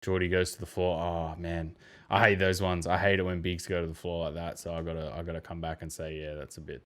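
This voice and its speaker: A young man hosting a podcast, casually breaking down basketball footage, animated and given to exclamations. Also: low voice, a little fast. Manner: animated, bursts into loud mimicry and exclamations. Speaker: podcast host.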